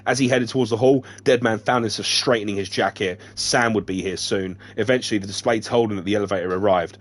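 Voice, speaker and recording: A man's voice: lowish voice, brisk. A man reading a novel aloud on a stream, stumbling over words and breaking off for joking asides. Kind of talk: casual read-aloud with asides.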